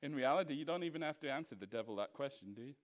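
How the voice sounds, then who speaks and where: A man teaching a Bible study as pastor, animated, asking rhetorical questions and mimicking other voices. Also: medium pitch, racing. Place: church.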